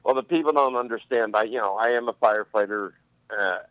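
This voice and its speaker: A man's voice: fairly low pitch, a little fast, a bit bright, no room sound. A man from Northeast Pennsylvania, a firefighter and EMT, calling in to a show and telling stories in a loose, rambling way. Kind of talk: phone-in storytelling. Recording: dull dry phone line.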